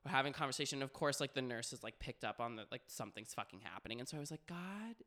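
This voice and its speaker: A man's voice: medium pitch, very fast, pushed and bright. A young man co-hosting a podcast, telling frank, profane stories in casual chat with constant "like" fillers. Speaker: podcast co-host.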